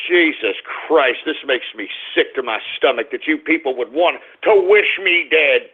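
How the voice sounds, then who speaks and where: A man hosting an internet radio show, ranting and cursing angrily, dropping to grumbles and rising to shouts. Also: a little high, animated, normal speed, hardly any pauses, heavy background noise. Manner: angry, cursing, swings between grumbling and shouting. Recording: tinny phone-like radio stream.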